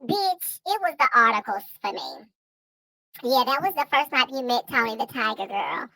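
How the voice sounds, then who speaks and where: A man's voice: very high-pitched, sing-song, normal speed, gravelly, bright, forceful tone, no room sound, voice pushed up, heavily acted. A man voicing a sassy, teasing alter-ego girlfriend who ribs him with profane banter.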